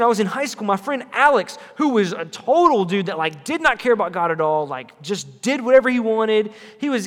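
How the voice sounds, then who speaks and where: A man's voice: high voice, long reverb tail. A young man giving an earnest, conversational youth sermon in a church, talking straight to middle schoolers. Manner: earnest, conversational, builds to shouting. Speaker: youth pastor.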